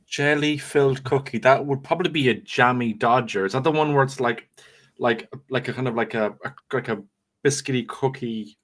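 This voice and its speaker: A man's voice: medium pitch, moderate pace, a bit bright. Chatty man, hesitant author. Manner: chatty, hesitant, many restarts. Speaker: author, interview guest. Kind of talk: casual interview chat.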